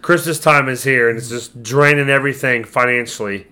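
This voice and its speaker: A man in his thirties with a hoarse, worn-out voice, chatting casually and rambling cheerfully as a podcast co-host. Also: medium pitch, steady tone, brisk, bright, forceful tone. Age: 30s.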